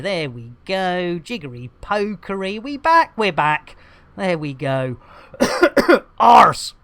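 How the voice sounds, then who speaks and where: A woman's voice: on the low side, sing-song, takes it slowly. A woman doing live game-stream commentary in playful, punning patter, laughing often and addressing viewers like a showman. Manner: showman-like addresses to "ladies and gentlemen".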